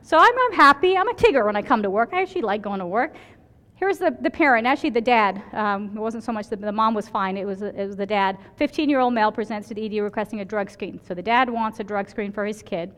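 A woman's voice: mid-range voice, quick pace, big-room sound. A woman emergency physician giving a conference lecture, telling stories from her work and often checking in with "right?". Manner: chatty, storytelling, keeps asking "right?".

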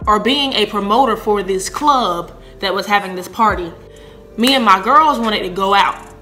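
A woman in her twenties telling a personal story on her vlog, animated and acting out the dialogue. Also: mid-range voice. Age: 20s. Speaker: vlogger.

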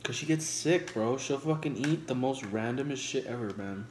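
A man's voice: medium pitch, moderate pace, darkish tone. A man in his twenties chatting casually in slang while eating on camera, swearing freely. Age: 20s. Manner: laid-back slangy talk with frequent swearing; talks between bites while eating. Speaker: vlogger. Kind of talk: casual mukbang chat. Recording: echoey room with noise.

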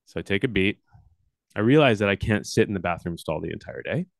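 A man leading a workshop, telling a personal childhood story with big swings in pitch and loudness. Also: expressive, brisk, creaky, dry recording, clean studio sound. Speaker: workshop leader.

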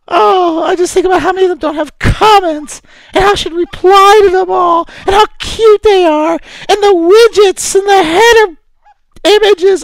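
A man playing an overwrought blogger who gushes and cries, his voice pitched up. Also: gravelly, no echo, full character voice. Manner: gushing, breathless confessions. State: crying. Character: overwrought gushing blogger, sobbing with love. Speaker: vlogger. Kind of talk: parody response video.

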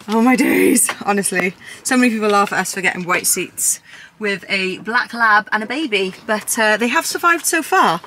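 A woman's voice: mid-range voice, brisk, noisy background. Gushing young woman vlogging. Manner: chatty, gushing and excitable. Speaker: family vlogger. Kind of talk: casual vlog chat to camera. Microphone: handheld phone camera.

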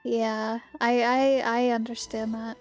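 Woman, high voice, slightly hoarse, bubbly, casual livestream chat, greets viewers. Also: level tone, slow pace, darkish tone, faint music behind. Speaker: streamer.

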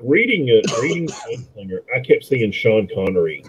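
A man's voice: medium pitch, huge pitch swings, moderate pace, crowd noise. A middle-aged man chatting casually about movies as a podcast co-host, with frequent fillers and restarts. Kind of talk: casual movie commentary chat. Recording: tinny phone-like line.

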